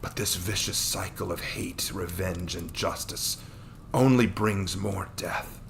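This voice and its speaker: A man voicing a calm, stern, weary wandering man who speaks softly and measuredly, sometimes in a whisper, in a read-aloud fantasy story. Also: sits low, creaky, background noise, heavily acted. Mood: gentle. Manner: soft, measured, often whispered.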